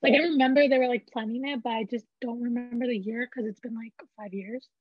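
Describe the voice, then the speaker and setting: High-voiced teen girl, dry lo-fi sound. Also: steady tone, fast, dry recording. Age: teens. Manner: rambling, frank, filler-heavy. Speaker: teen panelist. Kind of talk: casual chat.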